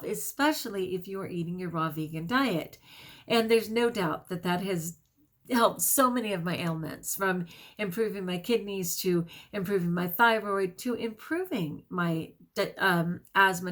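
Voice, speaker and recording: A middle-aged woman from the United States, a teacher, talking quickly and casually to her viewers with many fillers. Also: lowish voice. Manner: quick, chatty, many fillers and self-corrections. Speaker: vlogger and teacher. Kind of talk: casual talk to camera, reading an article aloud.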